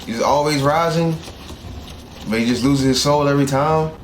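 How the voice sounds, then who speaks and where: A young man from South Carolina, reacting to an anime in casual, excitable and profane commentary from a room at home. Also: a little high, normal speed. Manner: excitable, profane, animated outbursts. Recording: roomy echo, faint background hiss.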